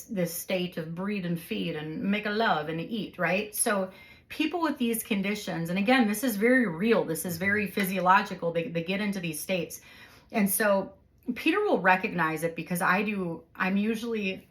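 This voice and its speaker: Animated woman in her forties explaining. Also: on the low side. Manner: animated, explains with vivid everyday scenarios. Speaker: host interviewing her husband. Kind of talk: casual explanatory conversation.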